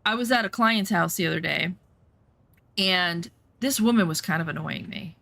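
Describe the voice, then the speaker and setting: A woman's voice: on the low side, normal speed, vocal fry, dry recording. A woman streamer chatting casually while playing, telling a story bluntly and swearing freely, acting out what people said. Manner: animated storytelling, acts out quotes.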